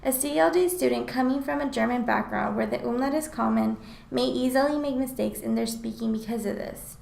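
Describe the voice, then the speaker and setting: Woman doing a class presentation, super gravelly voice, echoey room. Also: on the high side, brisk. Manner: reads aloud in an explanatory, even tone. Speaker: student presenter.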